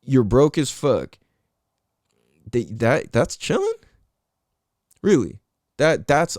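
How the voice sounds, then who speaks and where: Animated, profane young man podcasting. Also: medium pitch, drawn-out words, pauses often, no echo, clean studio sound. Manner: animated, profane, slangy, acts out quotes of friends. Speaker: podcast host. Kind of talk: casual solo podcast monologue.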